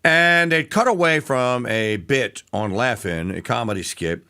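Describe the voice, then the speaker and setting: A man's voice: mid-range voice, animated, unhurried, sharp tone, smooth. A man hosting a talk radio show, delivering a sarcastic, rambling monologue full of restarts and fillers.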